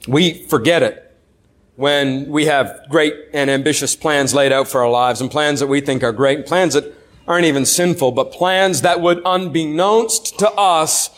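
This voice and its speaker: A man preaching a sermon earnestly, asking the listeners questions and slowing down to stress key words. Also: a little high.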